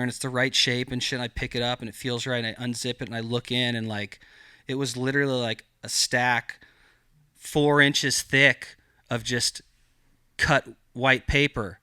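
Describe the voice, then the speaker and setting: A man tells a story in loose, profane podcast talk, leaning hard on "like" and "dude." His voice is bright and forceful. The sound is dry and close. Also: mid-range voice, clear, resonant tone, no room sound. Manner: profane, animated, heavy filler "like". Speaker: podcast guest. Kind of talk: casual storytelling.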